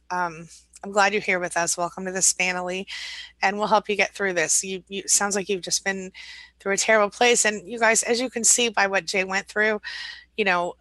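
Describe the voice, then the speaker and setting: Bright-voiced woman reading live comments. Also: mid-range voice, dry recording. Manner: warm, sympathetic, reassuring. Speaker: host, relationship recovery coach. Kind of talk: live stream, reading viewer comments aloud.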